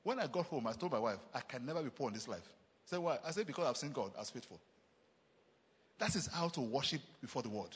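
Lively Nigerian pastor preaching in a hall. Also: male voice, a little high, slightly rough. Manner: emphatic preaching with repetition and quick chuckles. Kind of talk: sermon.

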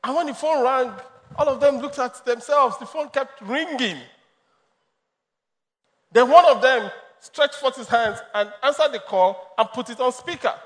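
A man's voice: extremely high pitch, measured pace. A man preaching a sermon, emphatic and storytelling, laughing often. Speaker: pastor. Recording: long reverb of a large hall.

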